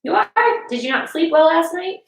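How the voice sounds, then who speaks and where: A woman's voice: extremely high pitch, normal speed, creaky, roomy sound, noisy background. A woman leading a family yoga class from her couch at home, talking to children in a patient, encouraging way. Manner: patient, encouraging, speaks to kids.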